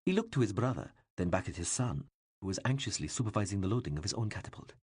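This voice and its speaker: A man reading an audiobook with expressive, varied narration. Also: on the low side, fast talker, slightly rough, no room sound. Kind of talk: scripted narration.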